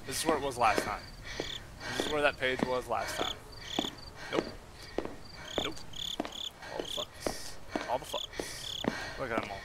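A man's voice: mid-range voice, a little slow, long pauses, heavy background noise. Profane man muttering through a horror game. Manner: muttering and swearing to himself while playing. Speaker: gamer. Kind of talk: horror let's play commentary.

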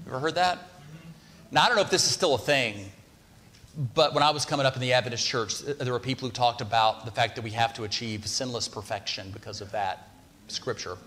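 A man's voice: mid-range voice, a little fast, bright, forceful tone, a little hiss or hum. A man preaching a sermon in a church, talking conversationally and putting questions to the congregation. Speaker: pastor. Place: church sanctuary. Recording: long hall reverb.

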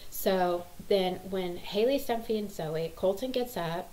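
A woman's voice: on the low side, moderate pace, hardly any pauses, a little mellow, a little hiss or hum, poor audio. A woman, rambling through a story about her kids, exasperated. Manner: exasperated, rambling, acts out quotes. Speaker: mother vlogger. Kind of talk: casual storytelling vlog.

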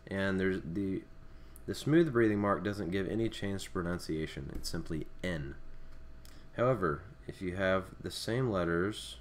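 A man's voice: low-pitched, a little slow, a little hiss or hum. A man teaching a recorded Greek alphabet lesson, explaining off the cuff with many fillers and restarts. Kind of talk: screen-recorded language lesson.

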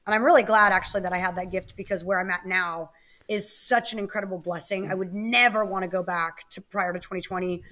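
A woman's voice: medium pitch, steady tone, quick pace, pushed and bright. A woman guest in a podcast interview, bubbly and candid, laughing often as she tells her story. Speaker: guest, activist and author. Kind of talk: casual interview talk.

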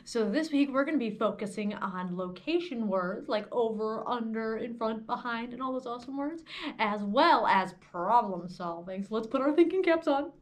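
Sing-song, high-pitched woman librarian. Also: expressive, normal speed. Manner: cheerful sing-song teacher voice, playful pitch games. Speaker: children's librarian. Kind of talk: kindergarten lesson for children. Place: library program recording.

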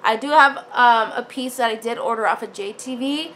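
A jewelry vlogger with a brisk, slightly bright voice on the high side chats casually to a camera on a tripod about her jewelry. She's full of fillers and calls her viewers y'all and honey.

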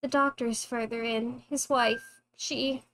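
A woman streamer reading a loyal, wounded adult maid aloud from a horror game, with soft, urgent pleading. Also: fairly high pitch, steady tone, slow pace, a little hiss or hum. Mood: faltering.

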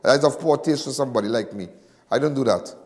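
A middle-aged man with a Trinidadian accent, hosting and speaking to viewers in an impassioned monologue, repeating himself and swinging between loud and hushed. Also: medium pitch, fast, gravelly, long reverb tail. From Trinidad and Tobago. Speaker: host.

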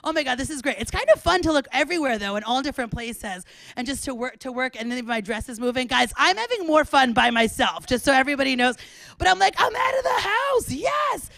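A woman in her thirties hosting a live club show, loud and excitable, often laughing and chatting with the crowd. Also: sits high, quick pace, vocal fry, no echo. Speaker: comedian host. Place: small club, indoors.

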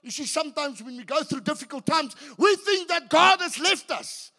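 A man preaching a sermon as pastor, swinging between hushed and shouted passages, often restarting his sentences. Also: very high-pitched, expressive, moderate pace, vocal fry. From South Africa. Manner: restarts and repeats words mid-sentence. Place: church.

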